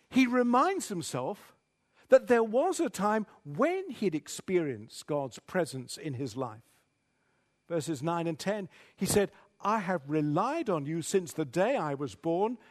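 Dramatic high-voiced preacher. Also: male voice. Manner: dramatic, reads scripture with rising intensity. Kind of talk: sermon.

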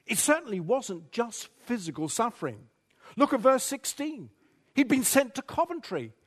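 A man delivers a sermon in a high, lively voice that swoops widely. He reads the scripture passages with theatrical intensity. His tone rises and falls with the drama of the text. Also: normal speed, breathy edge. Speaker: preacher.

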